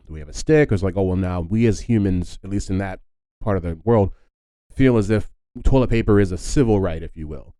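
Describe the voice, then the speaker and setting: A man's voice: sits low, warm tone, no echo. A man hosting a casual solo history podcast, chatty and rambling with lots of fillers and asides. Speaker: podcast host.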